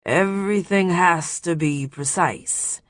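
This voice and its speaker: A cold, scheming pirate leader with a guttural accented voice, acted out by a male narrator. He gives clipped, commanding orders at a slow pace. The audiobook recording is close and dry. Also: on the high side, a bit bright, no room sound, voice pushed up. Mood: demanding.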